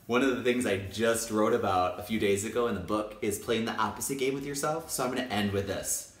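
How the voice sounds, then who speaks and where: Upbeat male teacher in an echoey room. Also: a little fast. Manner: enthusiastic, playful, acts out high-pitched quoted voices. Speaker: teacher and vlogger. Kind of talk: upbeat casual vlog talk.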